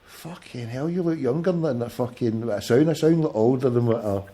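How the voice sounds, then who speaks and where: The host of a casual late-night call-in podcast is a Glaswegian in his 40s with a mellow, mid-range voice at normal speed. He swears freely and spars with callers in combative banter.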